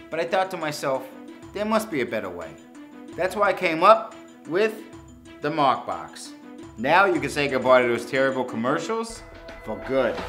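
A man with a Boston accent giving a brash, crude comedy sales pitch to investors. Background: music.

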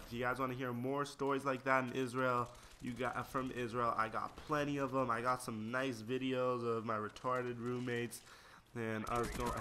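Young man, bright forceful voice, rambling slangy gameplay talk, keeps getting sidetracked. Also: medium pitch, a little hiss or hum. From United States. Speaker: gaming video creator. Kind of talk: casual gameplay commentary with storytelling.

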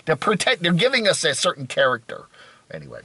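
A man's voice: fairly high pitch, wildly swooping pitch, quick pace, pushed and bright, slightly rough, no echo. A middle-aged man from the United States talking at length on his own channel, rambling and self-deprecating, often restarting his sentences. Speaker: YouTuber. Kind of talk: rambling solo talk.

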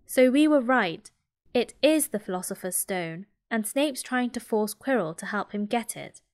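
A woman with a British accent voicing a breathless, urgent schoolboy in a soft whispered role-play. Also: extremely high pitch, expressive, normal speed, smooth. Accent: British English. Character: brave young schoolboy, urgent.

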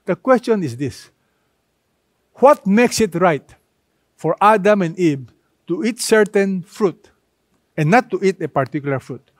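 A man delivers a sermon in a somewhat high voice, leaning hard on repeated phrases and stretching key words with pauses. The sound is close and dry, with little room echo. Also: lively intonation. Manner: emphatic, repetitive preaching with dramatic pauses. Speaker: pastor.

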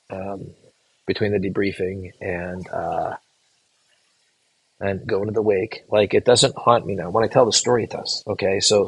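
A middle-aged man, a physician assistant educator, telling a case story to students in an earnest, halting way with restarted words. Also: fairly low pitch, gravelly, slightly rough, dry recording, poor audio.

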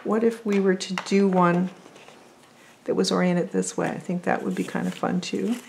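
A woman's voice: on the low side, steady tone, normal speed, gravelly, darkish tone, slight background noise. A woman vlogging as she makes paper crafts, chatty and thinking aloud as she works. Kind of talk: casual crafting chat.

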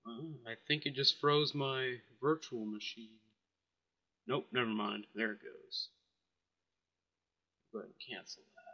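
A man casually demonstrating software while thinking aloud, offhand and a bit puzzled. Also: mid-range voice, unhurried, long pauses, highs cut off. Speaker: software reviewer. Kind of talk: casual screen-recorded software demo.

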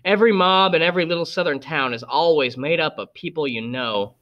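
A man voicing a calm, wise middle-aged father who reasons gently and evenly. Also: a little high, a little fast, highs cut off, lightly acted.

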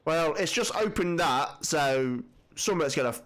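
A man with commenting on a video game he is playing, excitable, jumpy and swearing often. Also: fairly high pitch, measured pace. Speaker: gaming channel host. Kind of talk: let's-play commentary.

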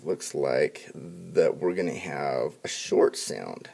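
Gravelly upbeat male spelling teacher. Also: a bass voice, slow pace. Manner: upbeat teacher talk, drops to quiet asides at the board. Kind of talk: classroom instruction video.

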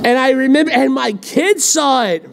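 A male pastor preaching a sermon, telling a story in an animated way and acting out the quotes. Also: very high voice, moderate pace, creaky, a crowd in the background, noisy background. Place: church.

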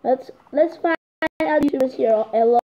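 A woman giving excitable, chatty commentary while playing a game, often calling out to "guys". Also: high voice, normal speed, muffled recording. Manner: excitable, keeps repeating "guys". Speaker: gaming vlogger.

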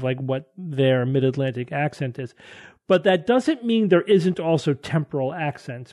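A man's voice: a little high, darkish tone, dry recording. Talkative man hosting a podcast. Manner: explains at length, thinks aloud with restarts. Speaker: podcast host. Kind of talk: casual panel chat and interview.

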